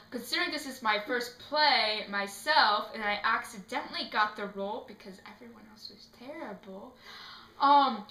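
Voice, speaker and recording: A teenage girl answering interview questions in a casual, animated way, acting out little scenes as she talks. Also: high-pitched. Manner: animated, acts out quotes in put-on voices. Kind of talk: casual chat. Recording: echoey room.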